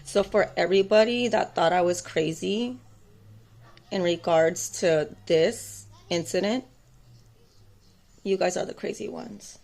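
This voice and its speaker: A woman's voice: medium pitch, unhurried, creaky, long pauses, darkish tone. A woman, mother of two, telling a personal story to camera in a rambling, intense way, with many fillers and a defiant tone. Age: adult, mother of two boys. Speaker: tarot vlogger.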